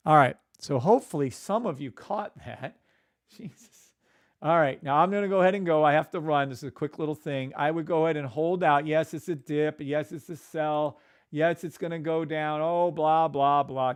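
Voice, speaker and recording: A man hosting a live trading stream, calling out trades to viewers and greeting them by name, excitable and profane, swinging from shouts to mutters. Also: fairly high pitch. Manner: addresses chat viewers by name.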